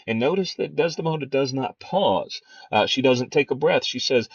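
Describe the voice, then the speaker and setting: A man's voice: mid-range voice, expressive, normal speed, hardly any pauses, slightly rough, no echo. A man teaching a lesson on a play, talking casually with many fillers and restarts. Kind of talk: lecture on a play, reading quotes aloud. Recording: dry, dull lo-fi recording.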